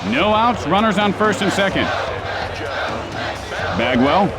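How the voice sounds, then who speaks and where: An actor playing an upbeat male play-by-play baseball announcer who shouts the big plays, in video game commentary. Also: sits high, lively intonation, slow pace, heavy background noise. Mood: calling. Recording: loud game music and stadium crowd.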